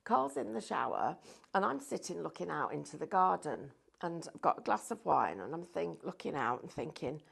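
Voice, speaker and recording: Husky lively woman presenter. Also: lowish voice, normal speed. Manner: animated, laughs through the story. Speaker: shopping channel presenter. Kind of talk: casual storytelling chat.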